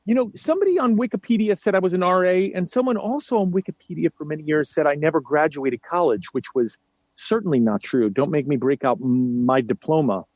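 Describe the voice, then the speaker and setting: A man's voice: a little high, dry recording, highs cut off. A man in his forties from New York, chatting casually as a guest and telling stories with lots of fillers and restarts. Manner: animated storyteller, halting with fillers and restarts. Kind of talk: casual chat.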